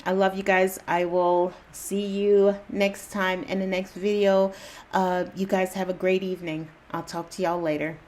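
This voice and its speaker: A woman's voice: fairly low pitch, little pitch movement, a little slow, a little mellow, slight background noise. Woman host, casual spiritual pep talk to camera; reassuring, repetitive, slangy, chuckles often.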